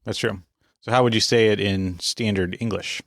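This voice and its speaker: Man, podcast co-host, very low voice, measured, teasing, casual chat. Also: steady tone, no echo, studio quality. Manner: measured, teasing, asks questions.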